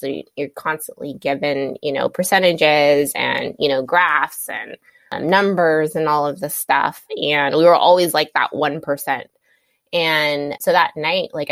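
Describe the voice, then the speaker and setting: A woman's voice: low voice, no echo. A woman guest telling a personal story in a candid, chatty way, full of "you know" and "like". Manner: candid, frequent "you know" and "like" fillers, laughs between thoughts. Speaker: interview guest.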